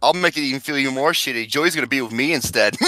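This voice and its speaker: A man hosting a movie podcast in loud, excitable, teasing banter. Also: mid-range voice, dry recording. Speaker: podcast host.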